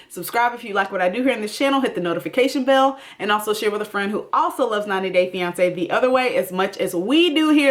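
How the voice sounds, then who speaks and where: A woman hosting a TV recap, talking in a blunt, emphatic way straight to her viewers. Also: mid-range voice. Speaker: TV recap host. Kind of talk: casual commentary.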